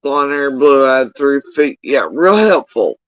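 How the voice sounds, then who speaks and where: A man's voice: mid-range voice, expressive, a little slow, clear, resonant tone, dry recording, dull audio. A man in a casual livestream monologue, telling a story in a heated, profane, emphatic way. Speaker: livestream host.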